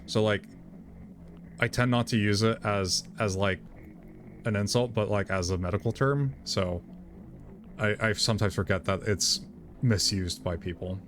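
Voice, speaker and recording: A man's voice: on the low side, unhurried, pauses often, faint music behind. A man streaming live, chatting casually between read-aloud passages, talking loosely with lots of restarts. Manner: chatty, full of restarts and fillers.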